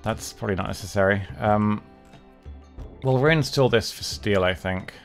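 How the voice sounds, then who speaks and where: A man's voice: on the low side, moderate pace, creaky, soft background music. A man casually talking his way through a strategy game as a streamer, chatting and muttering to himself and his characters. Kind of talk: casual gameplay commentary.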